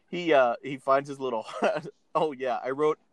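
A man's voice: medium pitch, measured pace, no room sound. Dry-sounding man recapping a movie, laughing. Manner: laughs often, acts out lines while retelling. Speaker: podcast co-host recapping a film. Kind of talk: casual chat.

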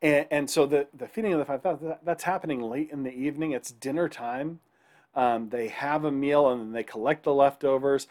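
A man's voice: mid-range voice, brisk, a little mellow. Man preaching a conversational sermon. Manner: conversational preaching, frequent "right?" to the congregation. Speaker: pastor.

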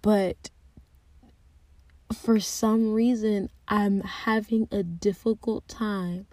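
Young woman talking slow n earnest about faith, dry close sound, keeps restarting her thoughts. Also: mid-range voice, fairly even intonation, no echo. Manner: earnest and searching, thinking aloud with restarts and soft asides. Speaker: Christian speaker sharing personal reflections. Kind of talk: candid personal reflection.

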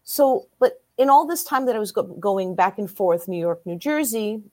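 A woman in her sixties, a guest in an interview, telling her story in a lively way and acting out what other people said. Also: medium pitch, normal speed, no echo. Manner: lively storyteller who acts out quoted voices.

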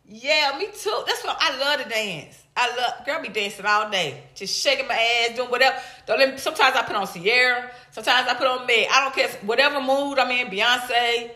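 Bright-voiced woman live-stream host. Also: normal speed, echoey room. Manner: animated, greets viewers in high excited bursts. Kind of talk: casual live-stream commentary.

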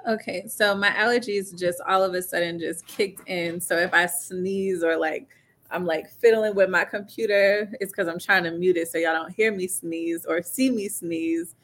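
A woman co-hosting a casual podcast from home, reading through a short biography in a brisk, steady run. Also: fairly low pitch. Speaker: podcast co-host. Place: home, at a computer.

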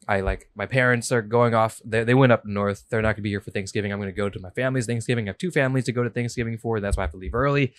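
A man's voice: mid-range voice, dry recording. A young man co-hosting a podcast, rambling in tired, profane, playful casual chat. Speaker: podcast co-host.

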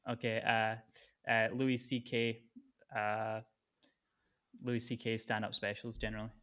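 A man's voice: lowish voice, flat delivery, unhurried, fairly bright tone, clear, resonant tone. A Scottish man, a stand-up comedian, answering interview questions in casual chat, with many fillers and restarts. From Scotland. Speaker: stand-up comedian, podcast guest.

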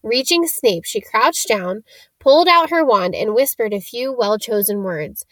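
A woman reads a children's fantasy novel aloud in a slightly high voice, steadily telling the story. The sound is dry and close, with no room around it. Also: lively intonation, measured pace, fairly bright tone, no room sound. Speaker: audiobook reader. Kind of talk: reading a novel chapter aloud.

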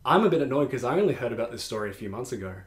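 A young man telling a story in casual podcast chat, animated and laughing, with many restarts. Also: medium pitch, rapid-fire. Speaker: podcast co-host. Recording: echoey room.

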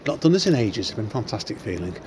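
A man's voice: fairly low pitch, very animated, very fast, a little mellow, slight background noise. A man hosting a podcast, chatting casually and rambling with many fillers, recorded in a library café. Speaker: podcast host. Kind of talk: casual interview chat. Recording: busy café crowd behind. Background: café crowd chatter.

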